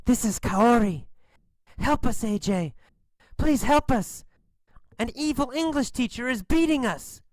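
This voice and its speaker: Male reader as a frightened schoolgirl: urgent whispered plea, high and lively. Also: measured pace, pauses often, dry recording. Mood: pleading. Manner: whispered, pleading. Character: frightened schoolgirl pleading for help.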